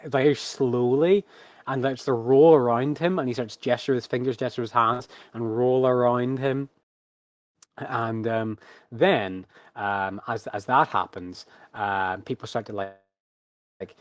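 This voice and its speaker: A man narrating a tabletop game as game master, halting and full of fillers. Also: mid-range voice, darkish tone, no room sound.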